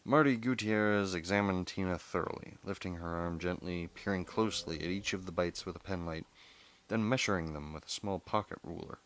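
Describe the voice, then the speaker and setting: A man reading a novel aloud, steady but with occasional stumbles and self-corrections. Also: low-pitched, a little fast.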